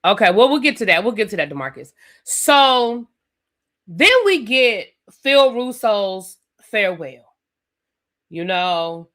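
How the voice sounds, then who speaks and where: A woman hosting a live TV review stream, recapping an episode in a chatty, animated way with lots of fillers and asides. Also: medium pitch, takes it slowly. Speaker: TV review channel host.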